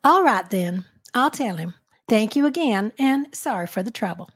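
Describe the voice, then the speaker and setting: A woman's voice: on the high side, expressive, normal speed, slightly rough. A woman doing a drawling Texan office lady. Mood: friendly. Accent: Texan Southern. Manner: polite, drawling, upbeat.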